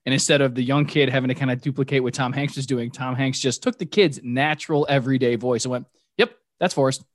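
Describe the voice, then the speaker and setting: A man co-hosting a casual movie podcast, animated and quick to laugh as he tells stories. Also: mid-range voice, no echo, studio quality. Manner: animated, laughing, acting out quotes. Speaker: podcast co-host.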